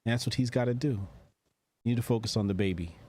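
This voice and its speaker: A man's voice: mid-range voice, fast talker, a little mellow, no room sound, studio quality. A man hosting a casual talk show, bantering with his co-host and teasing her provocatively. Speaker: podcast host. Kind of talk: casual chat.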